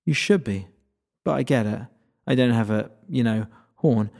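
A man's voice: mid-range voice, normal speed, gravelly, a little mellow, close to an everyday voice. A man voicing a bold teenage schoolgirl who talks in a casual, sarcastic way, in a raised voice.

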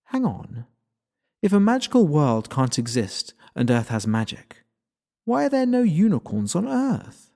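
A man voicing an earnest teenage schoolgirl with a high, slightly shrill voice. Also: huge pitch swings, unhurried, creaky, mellow, exaggerated voice. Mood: firm.

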